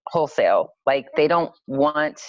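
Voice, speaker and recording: Woman caller, very low voice, hesitant and teary, dry muffled line. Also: sing-song, moderate pace, dry recording. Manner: hesitant, lots of fillers, close to tears. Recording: dull dry call audio.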